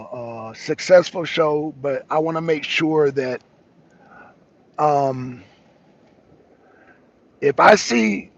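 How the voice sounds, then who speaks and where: A man co-hosting a live show, telling a story in a casual, animated, street-wise way while he walks outdoors and calls in by phone. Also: a little high, vocal fry. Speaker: show co-host. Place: walking outdoors, arriving somewhere. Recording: dull lo-fi audio.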